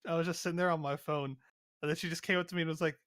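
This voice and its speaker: A young man co-hosting a casual chat, telling profane, animated stories full of quoted voices. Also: a little high, very fast, no echo, studio quality. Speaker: podcast co-host.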